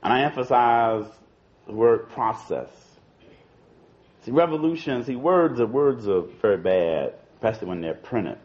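Speaking slowly with an animated, darkish, medium-pitched voice, a man gives a loose, conversational political talk to an audience. He repeats words and often says "you know" and "see." The archival recording is dull and lo-fi.

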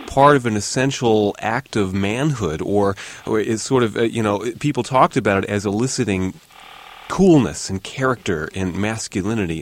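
A man hosting a radio interview, asking questions in a halting way with many restarts. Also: lowish voice. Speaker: interviewer host.

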